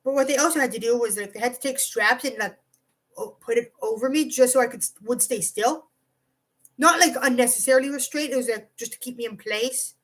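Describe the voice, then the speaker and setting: Woman, high voice, casual storytime vlog, rambling, swears a lot, lots of "like". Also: brisk, rough recording. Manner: rambling and profane, heavy use of "like"; animated, jumps between asides. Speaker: vlogger.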